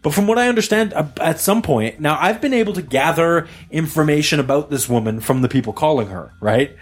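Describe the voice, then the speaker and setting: A man hosting a podcast, telling a rambling story in an animated, joking way. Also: fairly high pitch, fairly quick, faint music behind. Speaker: podcast host. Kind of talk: casual chat.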